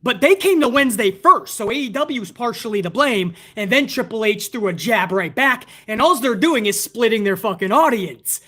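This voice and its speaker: A man's voice: extremely high pitch, lively intonation, normal speed, few pauses, sharp tone. A man from the United States hosts a casual wrestling livestream, talking in a loose, rambling way. He swears freely and works himself up into heated rants between reading donations. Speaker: wrestling podcast host.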